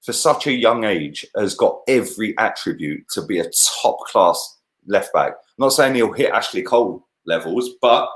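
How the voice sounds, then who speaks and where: A man's voice: fairly low pitch, lively intonation, moderate pace. A young man, chatting animatedly about football with lots of slang and swearing. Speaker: football podcast co-host. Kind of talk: casual football chat.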